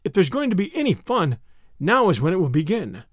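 A man voicing a bold, quick-witted young woman adventurer who talks in a brisk, self-assured way, in an audiobook reading. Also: high-pitched, sing-song, no room sound, studio quality.

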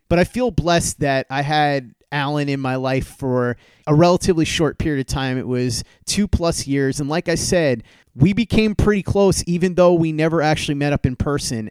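Smooth-voiced man telling a story. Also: a little high, dry recording. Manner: animated storyteller who acts out quoted dialogue. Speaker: podcast host. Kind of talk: casual storytelling tribute.

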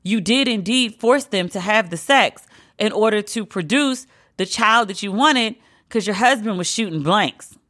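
A woman hosting a solo pop-culture podcast, talking in a sassy, sarcastic, animated way. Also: mid-range voice, a little slow. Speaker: podcast host.

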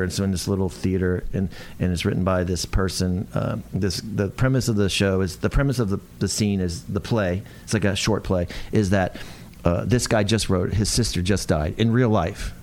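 A man's voice: deep voice, fairly even intonation, moderate pace, a little mellow, slight background noise. A man who acts, co-hosting a podcast and telling a rambling, self-mocking story in casual chat, often restarting his sentences. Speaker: podcast co-host, actor.

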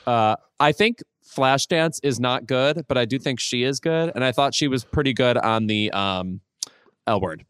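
A man co-hosting a casual pop culture podcast, talking with wry, deadpan asides. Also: mid-range voice, normal speed, smooth, no room sound, studio quality. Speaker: podcast co-host.

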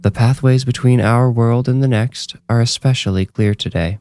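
A man doing a calm mystical fortune-teller woman. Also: medium pitch, pitched above the performer's own voice, close to an everyday voice. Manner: soothing, measured, mystical.

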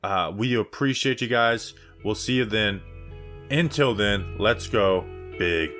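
A man's voice: on the low side, slow pace, a bit bright, soft background music. A man co-hosting a sports podcast, chatting casually and ranting in mocking tones. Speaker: podcast co-host.

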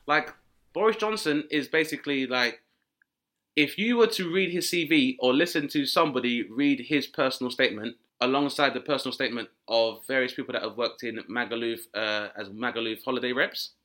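A man doing animated comic storytelling, acting out characters with big pitch jumps and swearing. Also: a little fast. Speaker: comedian guest.

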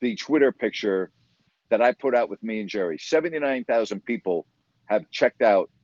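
A man's voice: fairly low pitch, moderate pace, darkish tone, no room sound, muffled recording. A man talking casually on a radio show, earnest and reflective as he tells a story.

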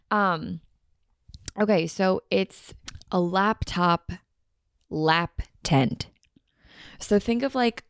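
A woman's voice: on the low side, vocal fry, a little mellow, no echo, studio quality. A young woman hosting her own podcast, chatting casually in a bubbly, rambling way from a beach house. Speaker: podcast host. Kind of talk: casual chat.

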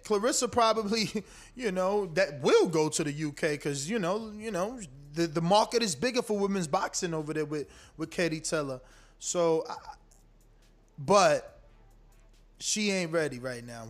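A boxing podcast host rambles through a casual livestream chat, loose and emphatic, swearing often. His voice is high and fairly bright.

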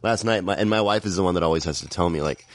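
A man's voice: low voice, very fast, no echo. A man who is a comedian, guesting on a podcast and telling rambling anecdotes full of fillers. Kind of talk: casual chat.

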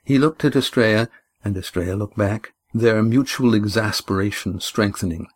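A man narrates a novel in an even, measured storytelling voice, shifting only lightly for the characters. His voice sits low and carries a husky edge. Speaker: audiobook narrator.

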